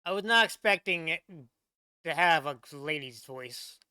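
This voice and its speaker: A man's voice: a little high, expressive, measured pace, sharp tone, clear, resonant tone, dry recording. A young man hosting a casual reaction stream, rambling with many fillers and laughs into a desk mic. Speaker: VTuber reaction host.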